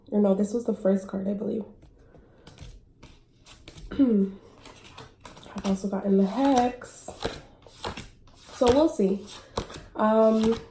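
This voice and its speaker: A woman vlogger chatting casually through an oracle card reading, a little out of breath, halting with many fillers. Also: a little high, warm tone, reverberant, a little hiss or hum.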